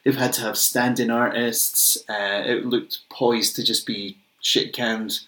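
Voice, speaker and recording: A man's voice: mid-range voice, little pitch movement, takes it slowly, sharp tone, reverberant. A man co-hosting a casual podcast, reviewing comics, opinionated and swearing freely. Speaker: podcast co-host.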